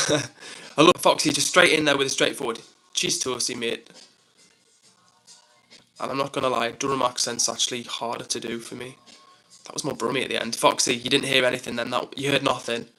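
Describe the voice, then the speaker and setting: A man's voice: mid-range voice, steady tone, brisk, gravelly, bright, forceful tone, soft background music, low-quality recording. A young man hosting his own live stream, chatting casually and reading out viewer comments in an upbeat, self-deprecating way.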